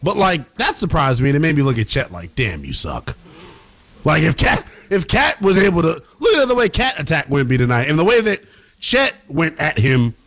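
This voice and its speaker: High, lively-voiced man talking sports. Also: fairly quick. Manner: animated, playful, emphatic. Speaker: sports analyst. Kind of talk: casual sports talk.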